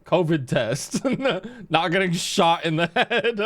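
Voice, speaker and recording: A man's voice: high-pitched, animated, extremely slow, a bit bright, no echo. A man chatting with friends in a gaming voice chat, incredulous and laughing, with the odd swear.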